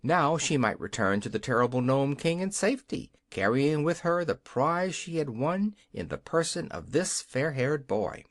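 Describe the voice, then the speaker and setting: An audiobook narrator reading a children's fantasy story in an expressive storytelling way. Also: mid-range voice, moderate pace, few pauses, dry recording, studio quality. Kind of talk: scripted narration.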